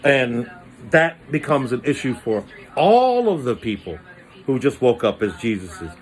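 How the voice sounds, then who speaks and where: Animated, slangy man rambling through a tale. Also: a little slow. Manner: animated, slangy, acts out voices with pitch jumps. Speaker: monologue storyteller. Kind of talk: rambling comic monologue.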